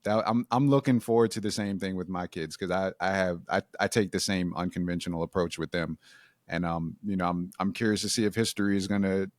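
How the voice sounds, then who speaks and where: A man's voice: sits low, steady tone, fairly quick, dry recording. A man, a parent, talking as a podcast guest in a playful, teasing way and laughing often. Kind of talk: casual chat.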